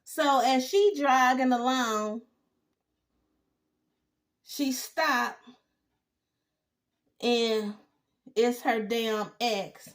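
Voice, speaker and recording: Animated woman recapping a TV show. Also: on the high side, extremely slow, long pauses. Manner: animated, exclaiming, laughing asides. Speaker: TV recap host. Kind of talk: casual TV recap.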